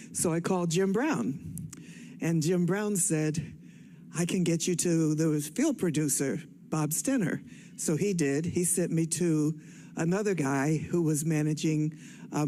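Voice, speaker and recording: An older woman from Cleveland, Ohio, out of breath and excited, telling her life story in a rambling, self-correcting way on stage. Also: sits low. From Cleveland, Ohio, USA. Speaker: guest speaker on stage. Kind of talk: personal storytelling speech.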